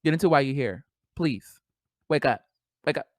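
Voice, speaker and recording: Animated slangy woman podcaster, dry sound. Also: extremely low pitch, moderate pace, no echo. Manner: animated, slangy, laughs often. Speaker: podcast host. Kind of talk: casual solo podcast chat.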